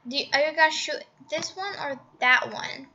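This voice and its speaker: A woman giving casual, excitable commentary while playing a game, gasping and laughing at her own mistakes. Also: high-pitched, moderate pace, creaky, muffled recording, slight background noise. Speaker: gaming channel host.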